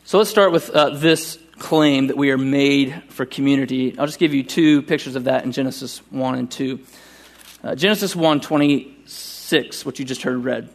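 A male pastor preaching a sermon at a church service with earnest urgency, slowing down to read scripture deliberately. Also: medium pitch, creaky.

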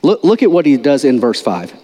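A man's voice: mid-range voice, very animated, a little fast, mellow, big-room sound. A male pastor preaching an informal, conversational sermon, often repeating words and quizzing his listeners.

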